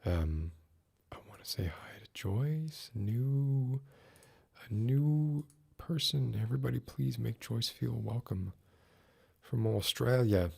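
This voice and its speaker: A man's voice: medium pitch, lively intonation, takes it slowly, vocal fry, a little mellow, breathy edge. A man hosting a live stream, reading a classic story in a formal Mid-Atlantic voice and breaking off to chat casually. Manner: reads in a formal put-on Mid-Atlantic voice, then chats casually. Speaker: streamer and host.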